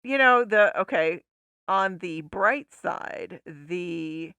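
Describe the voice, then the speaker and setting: A woman co-hosting a movie podcast in a casual, animated way, laughing often between her points. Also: on the low side, extremely slow, vocal fry, smooth, no echo. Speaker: podcast co-host. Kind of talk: casual movie-review chat.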